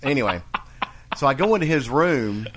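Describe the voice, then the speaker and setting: A man hosting a podcast, telling a long anecdote in a casual, rambling way, clearing his throat and restarting his sentences. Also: mid-range voice, expressive, normal speed, fairly bright tone. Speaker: podcast host. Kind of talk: casual storytelling chat.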